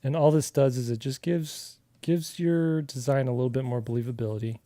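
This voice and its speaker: A middle-aged man from Arizona talks through a digital coloring lesson in a loose, conversational way, full of little fillers and restarts. His voice is mellow and warm, at a middling pitch. The recording is close and dry. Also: a little fast, dry recording. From Arizona, USA. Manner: relaxed and chatty, with filler words and restarts, talking while he works. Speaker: artist teaching a digital coloring tutorial. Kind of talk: casual live drawing tutorial.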